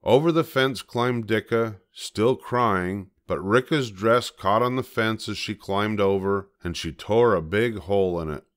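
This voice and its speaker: Gentle older man reading a storybook. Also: lowish voice, a little slow, hardly any pauses.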